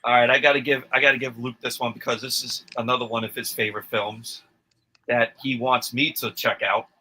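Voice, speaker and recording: A man's voice: medium pitch, little pitch movement, brisk, pushed and bright, rough recording. A man acting as quizmaster, reading trivia questions in a plain, matter-of-fact way during casual chat.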